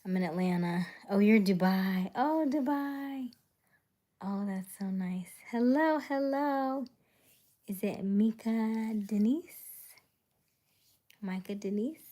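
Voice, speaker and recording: Slow, soft-spoken woman livestreamer. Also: on the high side. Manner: greets viewers by name and often drops to a soft whisper. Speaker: livestream host. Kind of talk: casual late-night live-stream chat with viewers.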